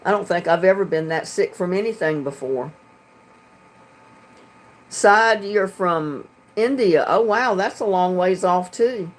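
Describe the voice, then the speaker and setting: A woman's voice: lowish voice, expressive, unhurried. Woman, Southern drawl, casual livestream chat, frequent laughter, computer mic. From North Carolina. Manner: chatty, laughs often. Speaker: livestream host reading chat. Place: at home. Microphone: computer webcam mic.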